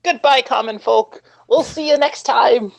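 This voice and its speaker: A man's voice: very high voice, unhurried, gravelly, background noise, voice pushed up, heavily acted. A man voicing a brash, scrappy male dumpster gnome who answers back indignantly. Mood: mocking.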